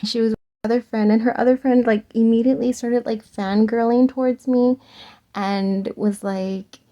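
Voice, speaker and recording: A woman tarot reader talking in a chatty, animated storytelling way, laughing often and swearing casually. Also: fairly high pitch, normal speed, muffled recording.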